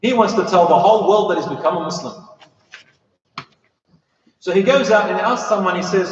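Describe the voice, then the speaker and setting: A British man preaches in a storytelling style, acting out the dialogue and cracking jokes. His voice sits fairly high. He is recorded from a distance in a big echoing hall with a long reverb and a dull sound. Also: a little fast, pauses often. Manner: lively, acts out dialogue with joking asides. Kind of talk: storytelling sermon. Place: mosque hall.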